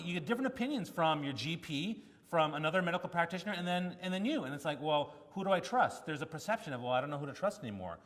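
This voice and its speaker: A man giving a conference talk, telling stories in an animated way and acting out quotes from the people in them. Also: on the high side. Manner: animated storytelling with acted-out quotes. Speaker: keynote speaker. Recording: long hall reverb.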